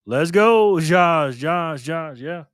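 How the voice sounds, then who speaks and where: A man hosting a casual livestream, calling out viewers and donations with upbeat shout-outs. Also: fairly high pitch, animated, extremely slow, no echo, studio quality. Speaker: livestream host.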